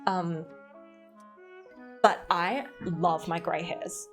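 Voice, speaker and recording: A woman's voice: lowish voice, fairly even intonation, very slow. A chatty, playful Australian woman talking casually into a desk mic during a livestream. She reads chat aloud, laughs often and swears lightly, with faint music playing behind her.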